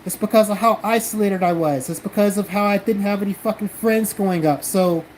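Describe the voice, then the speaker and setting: A man's voice: high-pitched, fairly quick, a little hiss or hum, poor audio. Blunt, profane male streamer. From South Carolina, American South. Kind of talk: casual live-stream chat reading comments.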